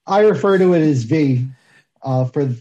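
A man's voice: a little high, expressive, moderate pace, mellow, highs cut off. A man speaking as a guest soap maker in a casual podcast interview, self-deprecating and opinionated, picking up energy when he argues a point.

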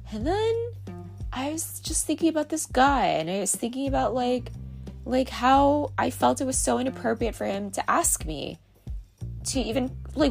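A woman's voice: on the high side, very animated, moderate pace, gravelly, faint music behind. A woman hosting a podcast, talking candidly in a rambling, casual way, full of fillers and little laughs. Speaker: podcast host. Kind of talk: casual confessional monologue. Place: on a boat.

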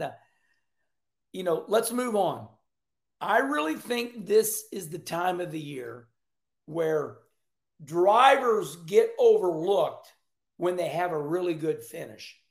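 A folksy man in his sixties talks racing on his own show, laughing and repeating himself as he goes. His voice is high for a man and gravelly, and it rings in an echoey room. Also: expressive, takes it slowly, pauses often. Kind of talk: casual commentary.

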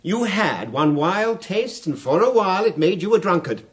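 An actor playing a sly, mocking fire captain in a radio drama, quoting verse in a smooth, taunting manner. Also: male voice, sits high, big pitch swings, moderate pace. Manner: silky, taunting, quotes verse at length.

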